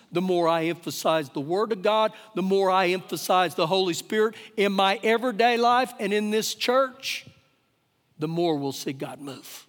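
A man preaching a live sermon as pastor, emphatic, repeating phrases and swinging between loud and hushed. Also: sits high, expressive, normal speed. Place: church sanctuary during a service. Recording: long hall reverb, faint guitar.

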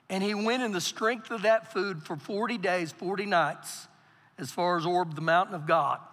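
Man preaching, high voice, reverberant church hall. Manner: preaching with big swings from quiet to loud. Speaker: pastor. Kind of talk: sermon.

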